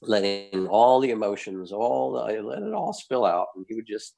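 An older man, a guest, telling a personal anecdote in an animated way and acting out the scenes. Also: on the low side, moderate pace, vocal fry. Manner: animated storyteller, acts out scenes. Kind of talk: anecdotal storytelling.

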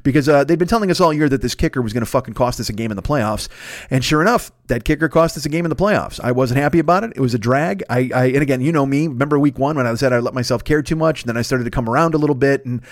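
A man in his fifties, a podcast host rambling through a profane, animated casual monologue. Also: medium pitch, rapid-fire, no room sound, clean studio sound. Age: 50s.

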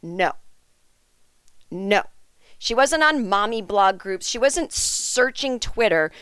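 Animated, profane woman ranting. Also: medium pitch, slow pace, smooth, dry recording, clean studio sound. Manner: profane, sarcastic, indignant. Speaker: podcast host. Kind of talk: comedic rant monologue.

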